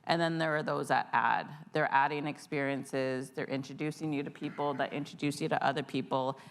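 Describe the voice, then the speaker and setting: A woman in her forties telling stories on a convention panel, animated and acting out the voices in them. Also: deep voice, fairly quick, a little hiss or hum. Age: 40s. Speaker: union panelist. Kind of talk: storytelling on a panel. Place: convention hall.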